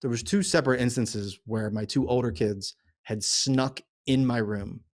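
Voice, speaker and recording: A middle-aged man on a podcast, telling a story in casual, profane, animated chat. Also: medium pitch, normal speed. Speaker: podcast co-host.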